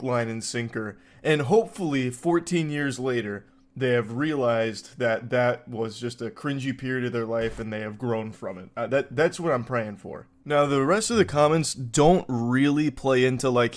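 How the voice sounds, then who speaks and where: A young man with a voice of ordinary, middle pitch talks through online posts in a loose, conversational way. He sounds wry and incredulous, poking fun at what he reads. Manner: wry, incredulous, mocking asides. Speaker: commentator reading online posts. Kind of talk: casual commentary.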